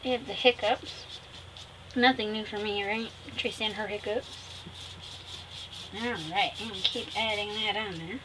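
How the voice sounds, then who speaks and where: A woman's voice: medium pitch, steady tone, normal speed, long pauses. A woman chatting casually through a craft tutorial, talking fondly to her viewers and laughing at herself. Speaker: craft vlogger. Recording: noticeable background noise.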